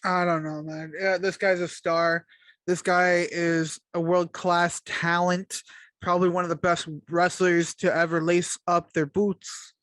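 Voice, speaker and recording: Man, podcast co-host, high voice, blunt, exasperated, dry close sound. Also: level tone, a little slow, a bit bright, no room sound. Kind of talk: casual wrestling chat.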